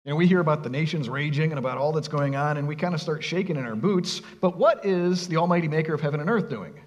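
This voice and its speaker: Animated male pastor preaching in an echoing hall. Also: a little high, fast, highs cut off. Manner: animated, conversational, with rhetorical questions. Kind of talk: sermon. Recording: long reverb of a large hall.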